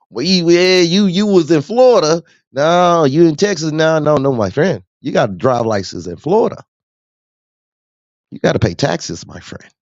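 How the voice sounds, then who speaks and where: Brief: trucker man, slangy casual rant, lively voice, dull dry recording. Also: a little high, no room sound. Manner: animated, street slang, frequent laughs. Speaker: truck driver.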